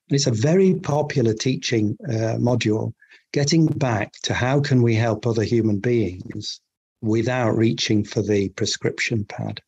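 Middle-aged English man, husky voice, thoughtful and earnest doctor in conversation. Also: mid-range voice, darkish tone. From England. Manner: earnest, thoughtful, halting restarts. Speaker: GP guest. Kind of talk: casual interview chat.

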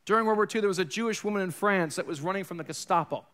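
A man preaching an Easter sermon, telling stories and acting out the voices in them, swinging from loud to soft. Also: high voice, racing. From New York area. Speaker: pastor.

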